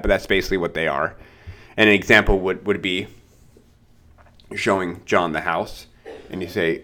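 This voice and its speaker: Young guy with a lowish voice, chatty sales podcast host, loose and conversational. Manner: loose, conversational, acts out short client dialogues. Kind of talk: casual instructional podcast.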